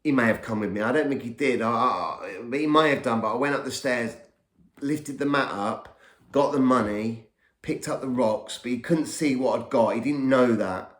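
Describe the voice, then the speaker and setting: A man's voice: medium pitch, moderate pace, a bit bright. A man, hosting a podcast and recounting a personal story in a rambling way, often repeating words as he remembers. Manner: rambling, repeats words while recalling events. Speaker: podcast host. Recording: roomy echo.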